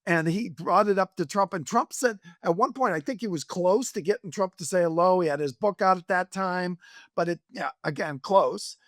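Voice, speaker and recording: A man's voice: sits high, moderate pace, no room sound, studio quality. A man hosting a podcast, chatting casually and retelling a story with enthusiastic, rambling asides. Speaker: podcast host. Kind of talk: casual interview.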